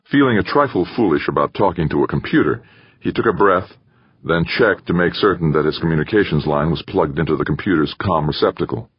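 A man narrating an audiobook in a steady, measured reading. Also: low voice, husky, dry recording, highs cut off. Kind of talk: scripted narration.

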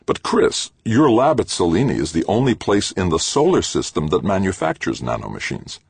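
A man's voice: deep voice, very animated, moderate pace, vocal fry, slightly rough, dry recording, voice pushed up, heavily acted. A man voicing a blunt, skeptical male leader who talks in an incredulous way.

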